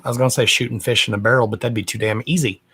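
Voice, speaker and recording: Man, live-stream host, casual chat, sassy, gossipy, cussing, mid-range pitch. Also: steady tone, racing, pushed and bright, husky. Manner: sassy, gossipy venting with cussing, calls viewers darling. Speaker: psychic medium hosting a live stream.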